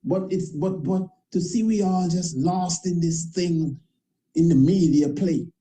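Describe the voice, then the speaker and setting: A man's voice: sits high, measured pace, mellow, a little hiss or hum, rough recording. A man speaking as a priest in an impassioned monologue, emphatic and repetitive, with informal grammar and frequent tag questions. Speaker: priest and internet show host. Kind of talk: impassioned talk-show monologue.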